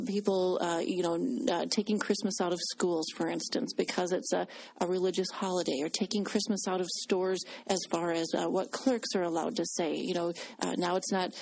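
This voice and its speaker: A woman's voice: lowish voice, a little mellow. Chatty woman radio co-host. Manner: chatty, many fillers and restarts. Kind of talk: casual Christian radio talk. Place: radio studio.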